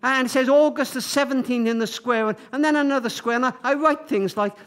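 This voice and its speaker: A man telling a story to an audience, speaking in a halting way with many repeated words. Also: extremely high pitch, fairly bright tone, smooth.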